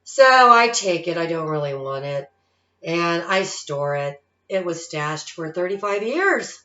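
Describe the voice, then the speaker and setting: Woman, 50s, vlogger monologue; emphatic, lively pitch, echoey lo-fi recording. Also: measured pace. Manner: emphatic, keeps tagging lines with okay? and all right?. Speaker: psychic-medium vlogger. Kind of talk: casual monologue rant. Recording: roomy, dull lo-fi sound.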